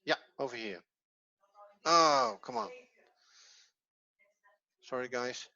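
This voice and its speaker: A man teaching a Hebrew class online, patient and encouraging, often pausing and restarting. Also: mid-range voice, pushed and bright, no echo. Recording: dull, lo-fi, dry.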